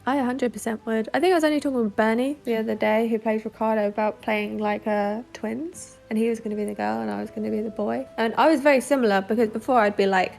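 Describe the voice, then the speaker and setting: A woman's voice: on the high side, steady tone, fast talker, vocal fry, few pauses, darkish tone, faint music behind. A woman guest on a casual podcast chat, speaking candidly. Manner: candid, chatty.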